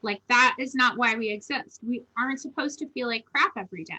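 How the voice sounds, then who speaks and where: Woman co-host, bright tense tone, slightly high voice, frank and loose. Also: a little fast, rough recording. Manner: frank, swears casually, rambling. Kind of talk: casual chat.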